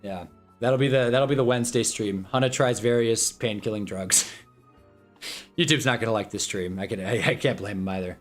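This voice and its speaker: A man's voice: on the low side, moderate pace, faint music behind. A man hosting a casual livestream watch-along, rambling and joking and laughing often. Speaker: livestream host.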